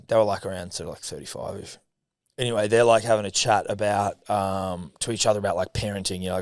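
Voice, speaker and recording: Australian male co-host, low-pitched, dry close sound, joking ad-reader. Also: fairly even intonation, fast, dry recording. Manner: rambling joking storyteller, reads ad reads. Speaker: podcast co-host. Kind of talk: casual sports banter.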